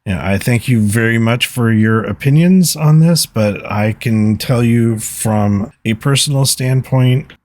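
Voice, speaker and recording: A man's voice: mid-range voice, a little slow, hardly any pauses, darkish tone, no echo. A man hosting a podcast alone, speaking in an earnest, reflective way as he reads out listener comments. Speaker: podcast host. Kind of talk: solo podcast talk, reading listener comments.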